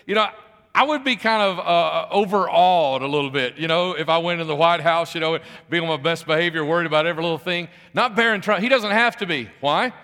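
A man delivers a sermon in a high, bright voice. He talks conversationally, circles back over his phrases and keeps putting questions to his listeners. His voice carries a long reverb, as in a large hall. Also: fairly quick. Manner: conversational, repeats phrases, asks the congregation questions. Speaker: preacher.

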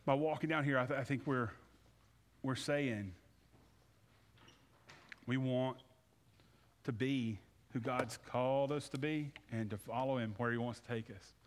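A pastor in his thirties preaches in a relaxed, conversational way, stumbling over and repeating his words as he builds toward an altar call. His voice sits at an ordinary middle pitch. A long reverb from the church hall trails each phrase. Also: a little slow, long pauses. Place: church sanctuary.

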